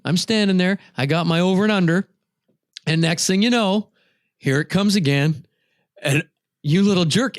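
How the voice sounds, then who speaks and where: A man co-hosting a podcast, casually telling a hunting story. His voice leaps up high when he acts out his own shouting. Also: no room sound, clean studio sound. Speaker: podcast co-host.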